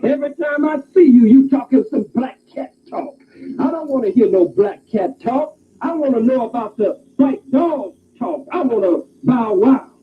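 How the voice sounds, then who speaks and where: A stubborn little cat with a scornful streak, shouting off anyone who bothers it, as a man puts it on. The voice rides high, and the sound is thin and phone-like, like an old taped talk. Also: expressive, normal speed, far from the mic, slight background noise. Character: silly little male cat, stubborn and dismissive. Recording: tinny phone-like archive recording.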